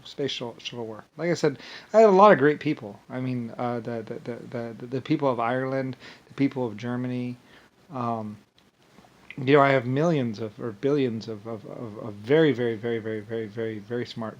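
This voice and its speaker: A man talking in a rambling, profane monologue, full of restarts and angry outbursts. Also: mid-range voice. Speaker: video monologue speaker.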